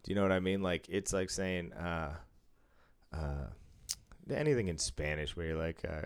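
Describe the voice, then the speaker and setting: Deep-voiced man with a Boston accent. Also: moderate pace, clean tone. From Massachusetts. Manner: swears freely, laughs often, tells stories with impressions. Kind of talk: casual chat.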